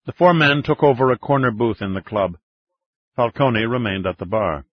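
Husky male audiobook narrator. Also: medium pitch, expressive, moderate pace, no echo, lo-fi sound. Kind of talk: scripted narration.

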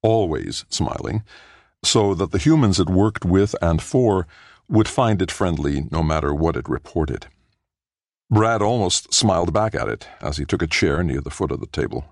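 A man narrating a science fiction audiobook in a measured, even storytelling manner. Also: low-pitched, dry recording, studio quality. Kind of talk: scripted narration.

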